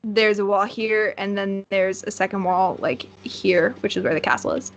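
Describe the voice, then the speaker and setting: A woman's voice: mid-range voice, moderate pace, highs cut off. Woman game master, rambling descriptive narration, lots of fillers. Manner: rambling, searching for words.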